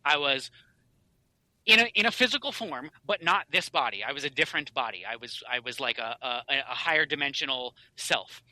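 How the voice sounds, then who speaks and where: A man, a podcast guest, telling a long personal story in casual interview talk, animated and rambling with many fillers and restarts, on a close mic. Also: mid-range voice, moderate pace, no echo, rough recording.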